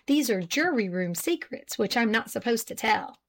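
A woman voicing an eager, friendly young man who speaks briskly in a storybook reading. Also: fairly high pitch, animated. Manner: brisk, conspiratorial.

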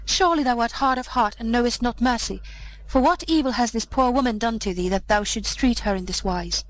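A woman's voice: a little high, a little fast, slight background noise, natural voice, low-quality recording. A woman voicing a kindly older woodcutter in a storybook reading, earnest and reproachful. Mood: stern.

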